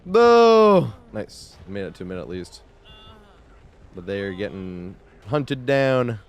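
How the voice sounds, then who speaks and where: A man's voice: low voice, a little slow, highs cut off. A man streaming live gameplay, talking casually and swearing, humming and muttering to himself as he plays at home. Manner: casual, swearing, hums and mutters while playing.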